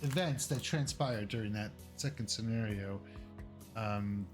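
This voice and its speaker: A man acting as game master, explaining the setup in a casual, halting way with many fillers. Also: on the low side, music in the background. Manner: hesitant, many fillers and restarts. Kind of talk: casual tabletop game narration.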